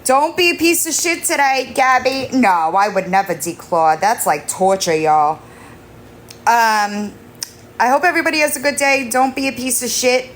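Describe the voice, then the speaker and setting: A woman chats unhurriedly on a phone livestream from home, her voice pitched a little high and swinging widely as she slips into sing-song baby talk for her kittens. Between the cooing she talks plainly to her viewers, with a faint hiss of background noise underneath. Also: animated, moderate pace. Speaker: livestream host. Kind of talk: casual livestream chat.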